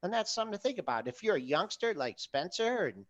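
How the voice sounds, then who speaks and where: A man's voice: sits high, very animated, quick pace, fairly bright tone, dull audio. A middle-aged man co-hosting a live trading talk show, giving emphatic, practical advice. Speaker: co-host.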